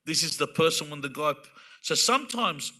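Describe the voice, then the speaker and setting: A man's voice: on the high side, expressive, brisk, bright, forceful tone. A man giving a conversational sermon, acting out small everyday exchanges between husbands and wives. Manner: conversational, acts out everyday dialogues. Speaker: speaker at an Islamic centre. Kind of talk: sermon-style talk.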